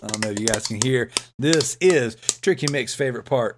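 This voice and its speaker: A man's voice: mid-range voice, fairly quick. A man hosting a casual podcast chat, rambling with fillers and frequent laughs. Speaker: podcast host.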